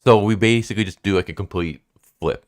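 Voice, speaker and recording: A man's voice: lowish voice, quick pace, no echo, studio quality. A man giving a casual, rambling plot recap of a manga, full of "like" fillers. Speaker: manga reviewer.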